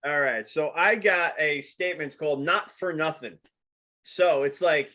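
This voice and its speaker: Chatty bright-voiced American man. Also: on the high side, moderate pace. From United States. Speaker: podcast co-host. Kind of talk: casual podcast chat.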